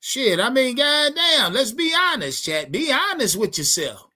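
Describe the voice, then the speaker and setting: A man's voice: very high-pitched, sing-song, measured pace, sharp tone. A man ranting to his livestream chat about his football team, heated and profane, repeating himself as he talks. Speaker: sports fan streamer. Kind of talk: profane livestream sports rant.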